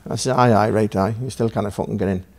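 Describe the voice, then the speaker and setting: Gravelly Geordie man telling stories. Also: fairly low pitch, fairly even intonation, quick pace, a little mellow. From Newcastle, England. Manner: rambling, swearing, acts out dialogue. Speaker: podcast guest. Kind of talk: casual storytelling.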